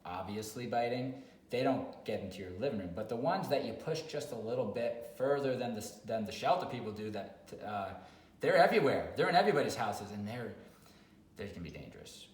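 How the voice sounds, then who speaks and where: A man working as a dog trainer, talking bluntly in a casual video chat and sometimes swearing, loudly acting out dog owners. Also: on the low side, a little fast. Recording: echoey room with faint noise.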